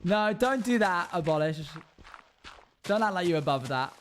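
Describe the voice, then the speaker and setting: A man's voice: high-pitched, lively intonation, normal speed, a little hiss or hum. A young man livestreaming casually, chatting with viewers, laughing often and humming to himself. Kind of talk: casual chat with live chat while gaming.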